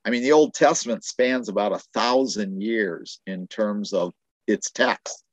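Low-voiced man teaching from the Bible. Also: unhurried, no echo. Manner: explanatory, often restarting phrases. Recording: dull, dry lo-fi recording.

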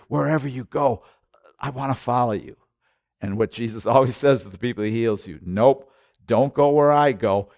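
A man preaching a sermon with passion, repeating words and swinging from loud to hushed. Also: medium pitch, dry recording, studio quality. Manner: impassioned, repetitive, swinging between loud and hushed. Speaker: pastor.

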